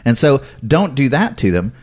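A man's voice: mid-range voice, big pitch swings, normal speed, a little mellow, slightly rough. A man who is a pastor, talking earnestly and with emphasis in a casual podcast discussion.

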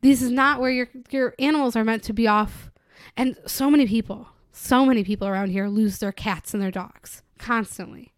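A woman co-hosting a podcast chats casually about a film, offering her opinions in long, heated runs. Her voice is fairly high with fairly even intonation at a moderate pace, in a studio-quality recording with no room sound.

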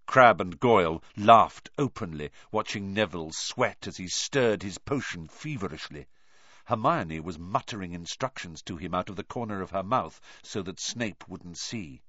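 Low-voiced man reading an audiobook. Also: expressive, normal speed, fairly bright tone, no room sound, lo-fi sound. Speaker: audiobook narrator.

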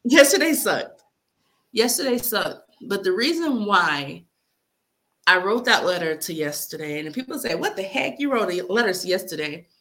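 A woman's voice: on the low side, big pitch swings, normal speed, sharp tone. A young adult woman reading aloud a heartfelt letter she wrote, speaking earnestly and with emotion. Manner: earnest, heartfelt, near tears at times. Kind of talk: emotional spoken-word reading.

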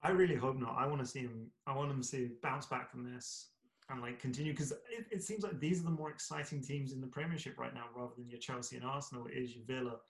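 A man co-hosting a casual football podcast, eager and chiming in with quick agreement. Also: mid-range voice, low-quality recording. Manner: enthusiastic, quick agreeing interjections. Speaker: podcast co-host.

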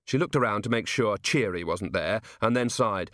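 A man reading a comic novel as an audiobook in wry, expressive storytelling narration. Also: lowish voice, moderate pace, no echo, studio quality.

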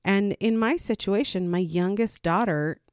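A woman's voice: mid-range voice, unhurried, no room sound, clean studio sound. A middle-aged woman talking candidly to viewers about her life as a parent, acting out what people said in raised voices. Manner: candid and animated, acts out quotes in raised voices, laughs between points. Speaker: parent sharing her experience. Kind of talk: casual personal talk to viewers.

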